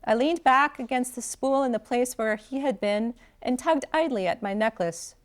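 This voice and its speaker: A woman author reading a first-person passage aloud from her novel, in a steady, clear storytelling manner. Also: fairly high pitch, normal speed.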